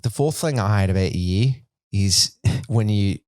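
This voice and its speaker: A man's voice: lowish voice, expressive, unhurried, a little mellow, dry recording, studio quality. A man co-hosting a podcast in casual chat, rambling with many likes and restarts. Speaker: podcast co-host.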